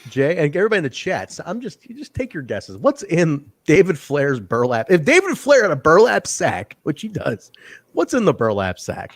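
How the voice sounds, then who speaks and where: With a slightly high voice full of huge pitch swings, this man speaks at normal speed in a dry recording. He hosts a podcast, eagerly chatting through a casual review of old wrestling shows with many restarts.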